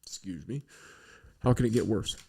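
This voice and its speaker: A man's voice: lowish voice, normal speed, gravelly, dark tone, slightly rough. A middle-aged man hosting a podcast, telling stories in a rambling, profane, casual way with lots of fillers. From western United States. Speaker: podcast host. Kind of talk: casual monologue.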